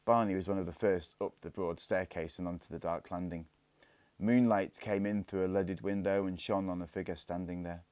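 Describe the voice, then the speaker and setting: A man reading a children's storybook aloud, calm and hushed in tense parts. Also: sits low, normal speed, clean tone, no echo. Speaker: story reader. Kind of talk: storybook narration.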